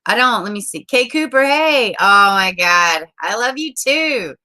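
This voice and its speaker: Woman streamer, bright voice, chatty and salty, calls viewers "baby". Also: medium pitch, lively intonation, a little slow. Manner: chatty, swears, greets viewers with endearments. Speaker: livestream host. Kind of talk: casual livestream chat reading viewer comments.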